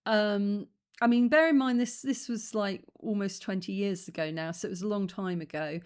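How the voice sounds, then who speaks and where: A woman's voice: mid-range voice, normal speed, darkish tone, clean tone. Chatty woman commenting on a video. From abroad, lives in Rwanda since 2007. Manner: frank, chatty, laughs often. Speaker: reaction video host. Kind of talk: casual commentary.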